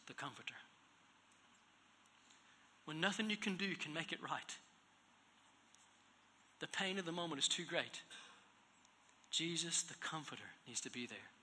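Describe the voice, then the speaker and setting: A man preaching in a church, telling a personal story, moving from hushed, low passages to loud, raised exhortation. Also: slightly rough. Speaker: pastor. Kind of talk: storytelling sermon. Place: church hall. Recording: echoey hall reverb.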